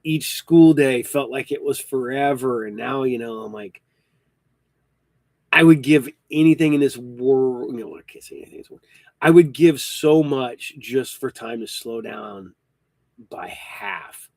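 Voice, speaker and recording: A man's voice: mid-range voice, normal speed, creaky, darkish tone, no room sound. A man in his early fifties hosting a podcast, chatting casually and rambling with frequent ums and restarts, hiccuping now and then. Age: 50s. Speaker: podcast host. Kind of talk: casual chat.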